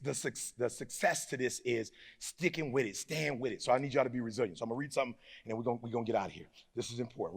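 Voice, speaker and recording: High gravelly guy preaching motivation live, low talk building to shouting, crowd faint behind. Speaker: motivational speaker. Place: large hall before a live audience. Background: audience.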